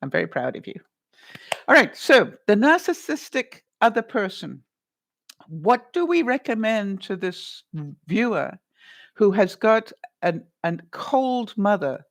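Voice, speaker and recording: A woman's voice: mid-range voice, sing-song, unhurried. A woman vlogger chatting live with her viewers, giving advice and calling them honey and by their names, in a rambling way with asides. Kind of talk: live-stream advice chat.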